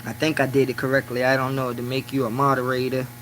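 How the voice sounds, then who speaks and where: A man's voice: mid-range voice, completely flat delivery, fast talker, slight background noise, poor audio. A man hosting a casual live stream from his small office at work, talking in loose phrases full of "you know". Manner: talks in loose run-on phrases, many "you know" fillers; grows loud and preaching when riled. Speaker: livestreamer.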